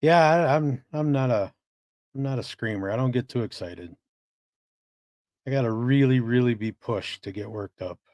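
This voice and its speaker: A man's voice: mid-range voice, moderate pace, darkish tone, no room sound. A man co-hosting a casual live-stream chat, laid-back and swearing freely while reading chat messages aloud. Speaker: co-host.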